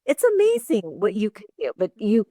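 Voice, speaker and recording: A woman's voice: mid-range voice, huge pitch swings, moderate pace, mellow, no room sound, clean studio sound. A woman coach speaking as an interview guest, agreeable and encouraging, often affirming with "yeah". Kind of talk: casual conversational interview.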